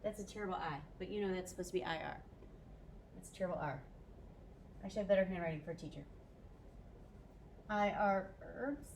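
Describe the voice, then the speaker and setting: A woman's voice: lowish voice, a little fast, pauses often, darkish tone, a little hiss or hum. A woman French teacher recording a video lesson for her students, upbeat and mixing French phrases into her English explanations.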